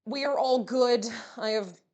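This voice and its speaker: A woman's voice: a little high, measured pace, darkish tone, highs cut off. A woman VTuber streamer chatting casually with her viewers while cooking. She talks playfully and fills her sentences with "um" and "you know".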